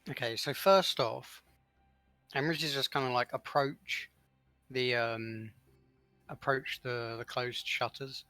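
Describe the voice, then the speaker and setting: Bright-voiced casual gamer man. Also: mid-range voice, steady tone, slow, dry recording, faint music behind. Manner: casual, full of fillers like "kind of" and "like". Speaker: player. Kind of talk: casual tabletop game play.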